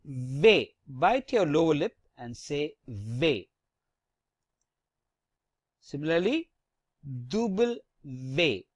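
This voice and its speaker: A teacher giving a slow pronunciation lesson on the French alphabet and accents, saying letters one at a time with corrective tips. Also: mid-range voice, very animated, no room sound.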